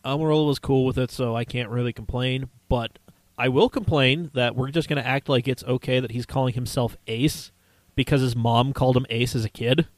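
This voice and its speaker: A man's voice: mid-range voice, steady tone, fairly quick, no echo. A man co-hosting a podcast in a basement, chatting casually with blunt, profane wisecracks. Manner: blunt, wisecracking, swears freely. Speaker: podcast co-host. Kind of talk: casual chat.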